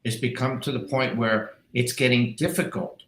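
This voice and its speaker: A middle-aged man hosting a podcast, telling stories in a casual, animated and emphatic way. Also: mid-range voice, normal speed. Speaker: podcast host, doctor. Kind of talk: casual chat, storytelling. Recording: echoey room.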